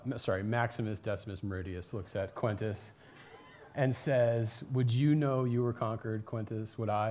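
A man preaching a sermon in a casual, animated storytelling way, with lots of fillers and asides. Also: mid-range voice. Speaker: pastor. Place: church.

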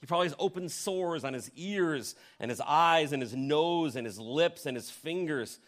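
A male pastor preaching a sermon who tells the story vividly, swings from loud emphasis to hushed near-whispers, and puts questions to his congregation. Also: fairly high pitch, moderate pace. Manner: addresses the congregation directly with questions.

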